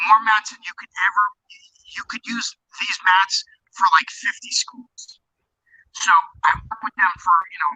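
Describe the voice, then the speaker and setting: A middle-aged man, a podcast guest on speakerphone, telling a profane, animated story in casual chat. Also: high voice, husky, no echo, poor audio. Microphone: phone on speakerphone.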